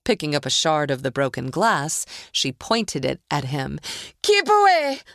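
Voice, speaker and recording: A woman narrating a thriller audiobook at an unhurried, deliberate pace. Her voice sits low with a gravelly grain, recorded close and dry. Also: animated, a bit bright, no room sound.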